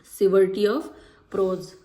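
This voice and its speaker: Her voice is medium in pitch, mellow, and flat, carrying through an echoey room. She is a teacher leading a study lecture, reading each exam option aloud and then going back over the right answer slowly.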